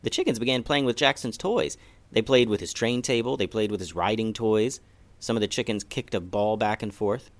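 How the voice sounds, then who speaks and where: A man's voice: on the low side, moderate pace. A man reading a children's bedtime story aloud as the host of a kids' story podcast. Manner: gentle, expressive, storytelling.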